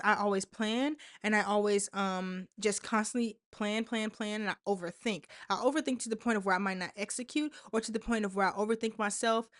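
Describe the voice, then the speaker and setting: A woman's voice: mid-range voice, dry recording, studio quality. Emphatic woman giving a pep talk. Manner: emphatic, repetitive, sassy asides. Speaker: motivational vlogger. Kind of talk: direct-to-camera motivational talk.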